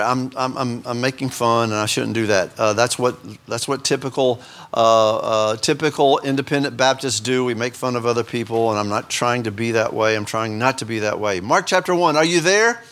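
A man's voice: mid-range voice, fairly bright tone. A middle-aged man preaching a sermon, rambling through self-deprecating asides between scripture readings. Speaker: pastor.

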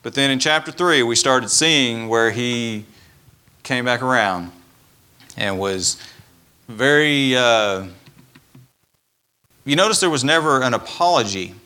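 A man preaching a sermon in a conversational, animated way, acting out quoted asides. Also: medium pitch, slow pace, long pauses, smooth. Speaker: pastor.

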